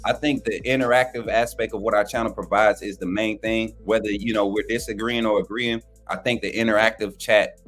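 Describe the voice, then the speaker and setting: A man rattles off shout-outs to his live chat, excited and slangy. His voice leaps up and down in pitch as he gets louder. Soft music plays faintly behind him. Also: fairly quick, hardly any pauses. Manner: hyped, slangy, calls out chat names. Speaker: co-host. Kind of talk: casual livestream shout-outs.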